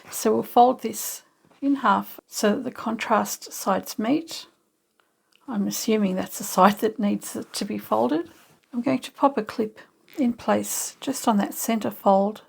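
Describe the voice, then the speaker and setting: Gravelly-voiced woman hosting a sewing tutorial. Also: mid-range voice. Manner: chatty, thinking aloud step by step. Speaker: sewing channel host.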